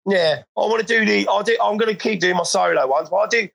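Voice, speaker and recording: A man hosting a casual podcast, with a high, gravelly voice that has a husky edge. He talks hesitantly, halting and repeating himself, and plays down his own importance. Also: fairly bright tone. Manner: hesitant, self-deprecating, halting repetitions. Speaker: podcast host. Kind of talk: casual chat.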